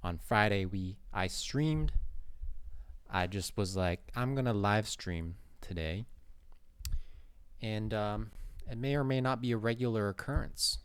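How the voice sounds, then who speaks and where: A man's voice: fairly low pitch, animated, a little slow, pauses often, clean tone, no room sound. A young man hosting his own channel, rambling playfully to camera in casual chat and swearing now and then. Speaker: YouTube channel host. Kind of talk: casual vlog talk to camera.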